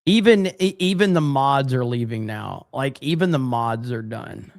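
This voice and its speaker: A man's voice: mid-range voice, expressive, moderate pace, no echo, studio quality. A man hosting a casual livestream, reading viewer messages aloud and reacting with jokey exasperation. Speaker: livestream host reading super chats.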